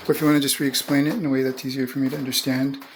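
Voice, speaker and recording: A man's voice: medium pitch, flat delivery, rapid-fire, slight background noise. A man, a poet and musician, talking in an earnest, rambling way with hesitant restarts as he asks for advice. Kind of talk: casual spoken request.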